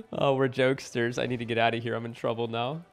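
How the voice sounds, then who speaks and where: A man giving live gameplay commentary as a streamer at home, excitable and bursting into yells and laughs. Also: mid-range voice, fairly quick, vocal fry, faint music behind. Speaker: gaming streamer. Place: home room with window open.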